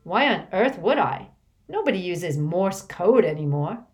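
A woman voicing a gruff, blunt teenage girl guard who talks in a brusque, dismissive way. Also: on the low side, sing-song, unhurried, darkish tone, faint music behind.

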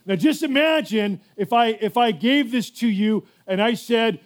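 Man, pastor, high voice, fervent emphatic sermon, repeats himself. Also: animated, a little slow. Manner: fervent, emphatic preaching with repetitions.

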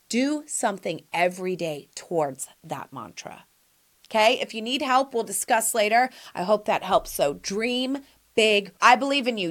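A middle-aged woman hosting an advice podcast, talking in a playful, encouraging and animated way. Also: a little high. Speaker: podcast host.

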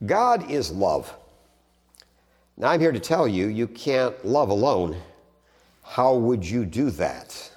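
A man giving a conversational theology lecture, restarting phrases and stressing points with sudden animated rises. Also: medium pitch, takes it slowly, pauses often. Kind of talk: teaching talk on theology. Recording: long hall reverb.

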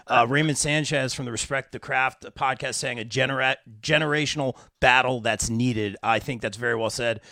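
A man hosting a live podcast interview, excitable and reading out comments from the chat. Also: medium pitch, moderate pace, few pauses, no echo. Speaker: podcast host.

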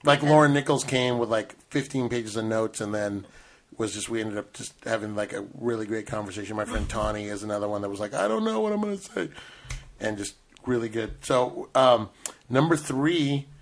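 A middle-aged man hosts a relaxed podcast conversation. He jokes easily and rambles, often restarting his sentences mid-thought. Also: fairly low pitch, moderate pace. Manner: joking, rambling with many restarts. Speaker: podcast host. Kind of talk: casual chat.

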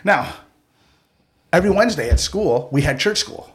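A man co-hosting a podcast, telling a childhood story in a casual, animated way and acting out the people in it. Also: high-pitched, moderate pace. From Mohawk community of Akwesasne. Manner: animated, acts out the people in his stories.

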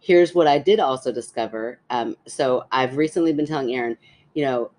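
A woman's voice: very deep voice, normal speed. A woman, a podcast co-host telling a story in casual chat and laughing as she talks. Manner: animated storyteller, laughs while talking.

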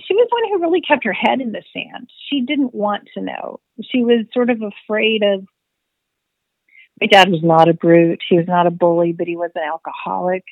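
A middle-aged woman recounts a family story as an interview guest, lively and slipping into the voices of the people she remembers. Her voice sits at an ordinary pitch for a woman. The sound comes through a thin, phone-like line with no room echo at all. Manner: animated, acts out remembered dialogue. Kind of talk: personal storytelling. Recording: tinny phone-like line, dry.

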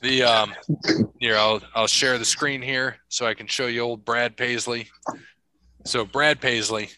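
A man's voice: mid-range voice, steady tone, measured pace, sharp tone. A man hosting a casual chat, rambling with lots of fillers as he tells a story.

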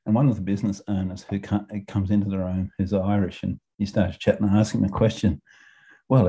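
A man's voice: on the low side, steady tone, moderate pace, dark tone, slightly rough. An Australian man co-hosting a coaching podcast, telling stories in a chatty way, swearing freely and laughing often. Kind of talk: casual chat.

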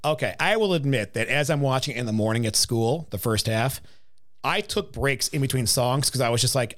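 Lively, laughing man co-host. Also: medium pitch, moderate pace. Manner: animated, laughs often. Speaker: podcast co-host. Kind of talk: casual chat about a film musical.

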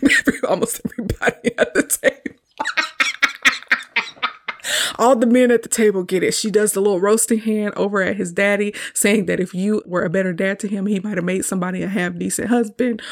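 A woman hosting a solo review podcast, retelling a film scene in a chatty, casual way and laughing often. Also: mid-range voice.

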